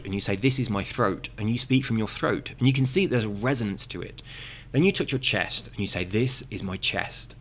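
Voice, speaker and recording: A man's voice: lowish voice, a little hiss or hum. A man with a very slight lisp, chatting casually through viewer comments and drifting into tangents with lots of fillers and restarts. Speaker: gaming video creator reading viewer comments.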